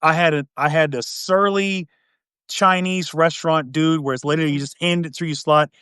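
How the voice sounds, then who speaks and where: At a moderate, smooth pace, a man hosting a podcast animatedly recounts a lengthy dating tale, voicing the quotes with wide swings in pitch and loudness. The recording is studio quality, with no room sound.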